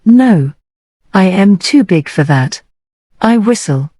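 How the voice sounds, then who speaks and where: A woman's voice: mid-range voice, animated, takes it slowly, warm tone, no echo, studio quality. A woman reading the part of a meek, poor young boy in an audiobook. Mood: wistful. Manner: meek, stammering.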